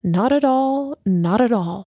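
A woman's voice: a little high, expressive, slow, warm tone, no echo, clean studio sound, full character voice. A woman voicing an eccentric old man who acts as a busy professor, speaking formally and muttering.

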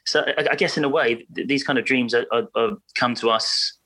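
A man's voice: mid-range voice, fairly even intonation, brisk, sharp tone, low-quality recording. A man being interviewed as a guest, speaking casually and hesitantly, with lots of repeated words. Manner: hesitant, many restarts and repeats.

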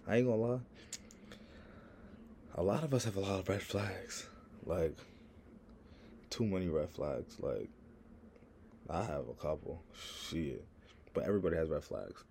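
A young man with a thick New York accent holds forth to his viewers in a loose, rambling monologue. His voice sits very low and sounds mellow and dark. He is brash and profane, leaning on "like" as he goes. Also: a little slow, pauses often, a little hiss or hum. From Harlem, New York. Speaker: vlogger.

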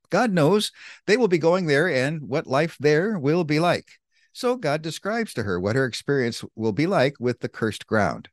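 Male bible teacher, lively pitch, emphatic and careful, close dry mic. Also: dry recording. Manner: deliberate, emphatic, spells out key words.

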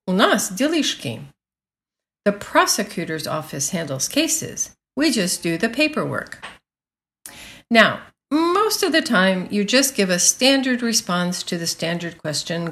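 Slow, lively woman reading a playful language column. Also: medium pitch. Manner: playful, acts out tones of the phrases. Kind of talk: scripted narration explaining phrases.

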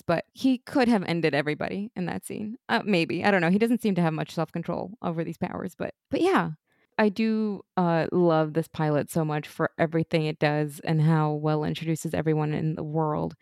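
An American woman co-hosting a podcast in casual chat, enthusiastic and quick to laugh. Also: sits low, vocal fry, darkish tone, dry recording, studio quality. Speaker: podcast co-host.

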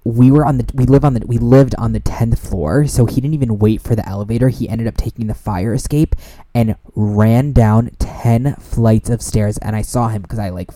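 Laid-back young man with a dark voice. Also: mid-range voice, normal speed, dry recording. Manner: animated, swears freely, many fillers. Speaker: podcast host. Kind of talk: casual storytelling monologue.

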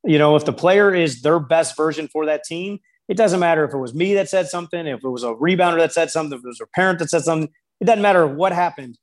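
A man's voice: fairly high pitch, quick pace. A man who works as a basketball skills coach, telling stories in an interview and acting out the people he quotes. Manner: storytelling, quotes people in lively voices. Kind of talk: interview conversation.

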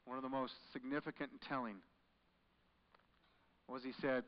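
A man preaching a sermon as pastor, swinging between hushed, quiet passages and loud, forceful ones. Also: mid-range voice, flat delivery, moderate pace, pauses often. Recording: muffled recording in a large echoing hall.

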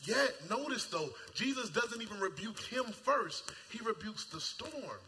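A man with a high, very bright voice preaches in a casual, playful way, acting out characters and breaking into shouts. His voice rings out with a long hall reverb, and a faint ambient hum sits underneath. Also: unhurried. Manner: animated, acts out voices, shouts at peaks; casual colloquial speech. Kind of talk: sermon.

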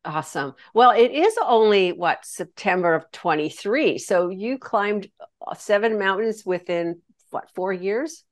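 A woman's voice: mid-range voice, a little slow. A woman hosting an interview podcast who chats casually and backs up her guest with short encouraging replies. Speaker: podcast host.

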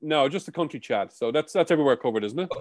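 A man's voice: fairly high pitch, lively intonation, fast, a little mellow. A young Irish man co-hosting a podcast in casual, jokey chat, laughing often and swearing freely. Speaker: podcast co-host.

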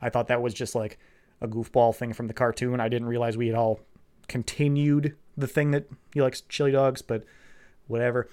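A man's voice: mid-range voice, flat delivery, moderate pace, darkish tone, clean tone. Sarcastic, profane male recapper. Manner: sarcastic, rambling, swears a lot. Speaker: show recapper. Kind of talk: profane comedic plot recap.

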